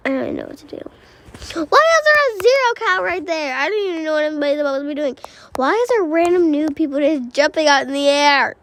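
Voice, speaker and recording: A woman giving excitable gameplay commentary as a YouTuber, often exclaiming. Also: high-pitched, quick pace. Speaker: gaming YouTuber.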